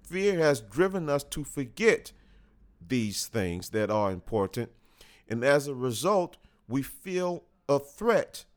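A man hosting a talk, speaking in a slow, deliberate unscripted monologue and pausing to correct himself along the way. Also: mid-range voice, very animated. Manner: slow and deliberate, with restarts and small self-corrections. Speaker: host.

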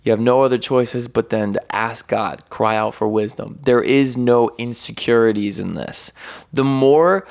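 A man speaking as a podcast guest, talking in an energetic, rambling, casual way full of slang. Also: fairly low pitch, moderate pace, vocal fry, few pauses. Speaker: podcast guest, content creator and worship artist.

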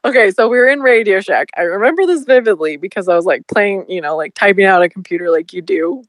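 A young woman chats on a podcast, her pitch leaping all over as she tells stories and laughs freely. The recording is close and dry. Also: quick pace, dry recording. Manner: animated storyteller, laughs often. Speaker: podcast co-host. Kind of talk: casual chat.

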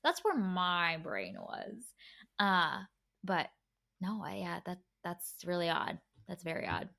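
A woman co-hosting a film podcast in a casual, animated voice. She often acts out her own reactions and restarts her sentences as she goes. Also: fairly low pitch, slow pace, creaky. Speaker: podcast co-host. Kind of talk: casual film review chat.

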